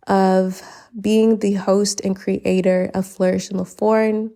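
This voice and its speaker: On her own podcast, a Barcelona-based woman living abroad talks in a warm, gravelly, mid-range voice. Earnest and thankful, she laughs between lines and seems a bit choked up.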